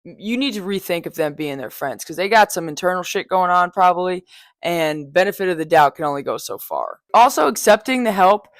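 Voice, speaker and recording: A woman's voice: fairly low pitch, animated, a little fast, no echo, studio quality. A young woman hosting a podcast, talking in a casual personal monologue, blunt and frank, swearing freely with chatty asides. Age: young adult. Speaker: podcast host.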